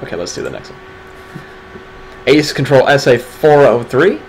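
Casting note: male stream host, sarcastic and rambling, animated pitch, faint hum behind. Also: normal speed, rough recording. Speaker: stream host presenting community awards. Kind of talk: casual livestream banter.

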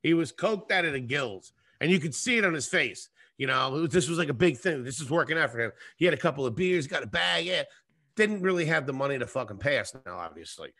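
A man, a comedian guest, telling a rambling, profane story in a casual, animated way. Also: on the high side, fast, dry recording. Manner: profane, animated, acts out scenes.

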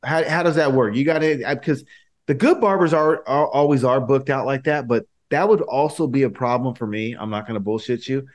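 A man's voice: mid-range voice, brisk. A man co-hosting a podcast, chatting casually with swearing and teasing jokes. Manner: profane, teasing banter with jokey interjections. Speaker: podcast co-host. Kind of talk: casual chat.

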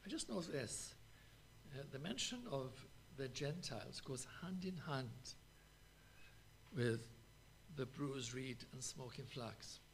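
Gravelly-voiced man preaching a sermon. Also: medium pitch, expressive, a little hiss or hum. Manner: earnest, emphatic preaching with pauses and fillers. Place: church.

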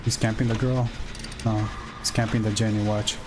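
Excitable man narrating his gameplay. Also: on the low side, normal speed, background noise. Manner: excitable, shouts warnings at teammates, swears. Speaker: gameplay streamer. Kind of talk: live gameplay commentary.

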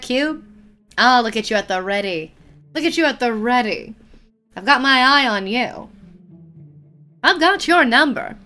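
Lively, high-voiced woman streamer. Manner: playful, theatrical detective banter. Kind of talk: casual game commentary.

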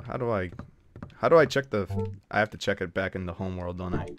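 A man's voice: low voice, a little fast, faint music behind. A man live-streaming a video game, chatting casually and trash-talking his chat with lots of swearing.

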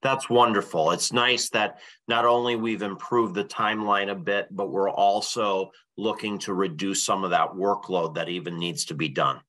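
A man with a low but bright, forward voice co-hosts an informational briefing. He puts questions to his colleague and lays out dates and next steps in a clear, orderly way. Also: steady tone, moderate pace, few pauses, rough recording. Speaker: co-host and interviewer.

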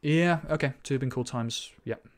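A man works through a programming task out loud, half talking to himself as he reads out code. He corrects himself often and stops now and then to explain a point like a teacher. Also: medium pitch. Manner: thinking aloud, muttering code as he types; quick self-corrections and asides. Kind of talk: live-coding commentary.

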